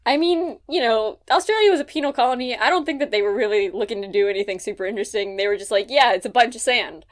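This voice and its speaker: A woman's voice: on the high side, quick pace. A woman co-hosting a casual podcast chat, rambling and laughing often. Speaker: podcast co-host.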